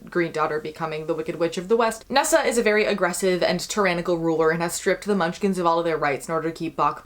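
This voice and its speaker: Quick-talking woman recapping a plot. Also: fairly low pitch, a bit bright. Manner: wry, quick, mimics characters in quoted asides. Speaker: video essayist.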